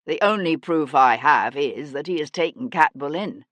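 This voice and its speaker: A woman voicing an intense, earnest young aristocrat detective who speaks low and urgently and swears when angry. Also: lively intonation, normal speed, a bit bright, no echo. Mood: bitter.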